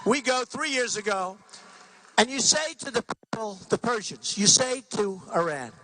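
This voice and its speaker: A man's voice: sits high, expressive, a little slow, pushed and bright. A man giving a campaign rally speech at a podium mic, rambling and repeating himself, often acting out conversations. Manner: rambling and repetitive, acting out dialogues. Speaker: political candidate. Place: large rally venue.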